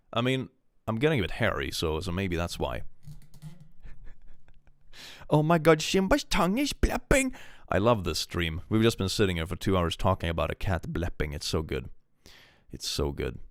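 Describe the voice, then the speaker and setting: Man with a gravelly, lively voice. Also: fairly low pitch, normal speed, pauses often, no room sound, studio quality. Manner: laid-back and joking, reads out chat. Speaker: streamer. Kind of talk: casual stream chat.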